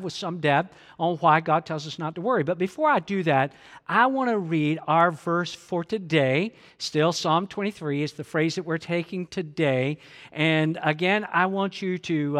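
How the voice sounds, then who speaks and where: Pastor guy preaching, kinda high voice, says the key line over and over, big echoey church. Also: a bit bright. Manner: earnest, repeats key phrases, leads congregation in reading along. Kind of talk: sermon. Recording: long hall reverb.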